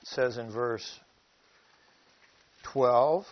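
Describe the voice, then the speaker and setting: A man preaching a sermon who teaches from scripture, asks the listeners questions and reads verses slowly with emphasis. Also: medium pitch. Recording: dull lo-fi recording.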